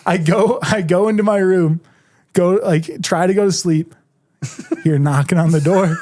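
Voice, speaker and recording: A young man in his twenties chatting as a podcast guest, telling stories in an animated, rambling way with constant "like" fillers. His voice sits a touch high for a man but sounds mellow and relaxed. The recording is dry and close, with no room sound. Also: moderate pace, no echo. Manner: animated storyteller, heavy "like" filler. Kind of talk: casual chat.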